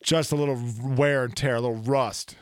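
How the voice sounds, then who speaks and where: A man co-hosting a podcast, chatting about football in a casual, animated way. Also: medium pitch, normal speed, smooth, dry recording, studio quality. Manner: animated, does jokey voices in stories. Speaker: podcast co-host. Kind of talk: casual sports chat.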